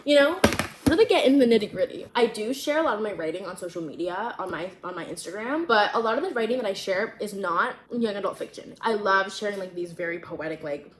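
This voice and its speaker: A woman's voice: medium pitch, lively intonation, a little fast, hardly any pauses, fairly bright tone, slight background noise. A woman vlogger chatting casually and rambling about her young adult novel, filling her sentences with "like". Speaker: vlogger and writer. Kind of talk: casual chat, reading her own fiction. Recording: echoey room, faint ambience.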